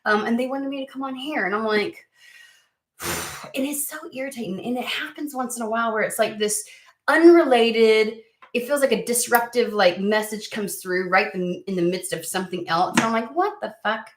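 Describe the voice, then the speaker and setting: A woman from the United States chatting casually to camera as a tarot reader, rambling and halting, with lots of fillers and restarts. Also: on the high side. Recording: echoey room.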